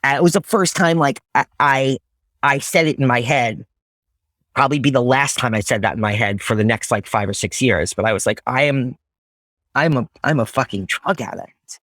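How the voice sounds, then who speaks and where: A young man recounts his past to a support group in a candid, blunt voice of middle pitch. He slips into lively voices for the people in his story and swears casually. The sound is close and dry. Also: fairly quick, no echo. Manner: animated storytelling, acting out past conversations. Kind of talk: candid personal testimony in a group.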